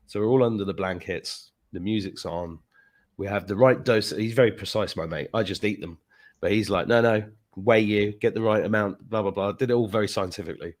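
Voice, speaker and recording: Guy hosting a podcast, casual and animated, does the voices when he tells a story. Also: on the low side. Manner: animated, acts out quoted voices. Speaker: podcast host.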